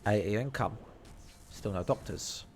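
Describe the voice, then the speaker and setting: A man's voice: lowish voice, unhurried, a little hiss or hum. A man telling a rambling, slang-filled story and swearing freely. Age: 30s. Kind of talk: casual storytelling.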